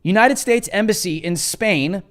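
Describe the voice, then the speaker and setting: A man's voice: sits high, measured pace, a bit bright. A man hosting his own show, delivering combative, emphatic political commentary and hammering points through repetition. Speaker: host.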